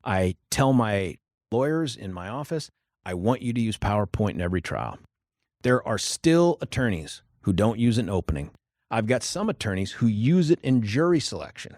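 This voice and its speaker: Middle-aged guy on a podcast, kinda low voice, tells stories really expressively, dry close mic. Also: normal speed, dry recording. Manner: animated, expressive storyteller. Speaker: interview guest, district attorney. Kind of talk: casual interview storytelling.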